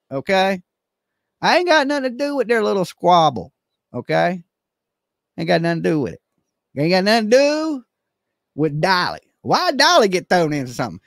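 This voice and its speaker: Animated, high-pitched man livestreaming. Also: no echo, studio quality. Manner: animated, joking, rambling, swears casually, calls himself by name. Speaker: livestream host. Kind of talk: casual livestream chat.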